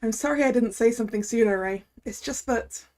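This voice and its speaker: A woman's voice: fairly high pitch, fairly quick, a little mellow, natural voice. Woman reading an earnest, polite young woman. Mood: apologetic. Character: calm, loyal, devoted young woman assistant.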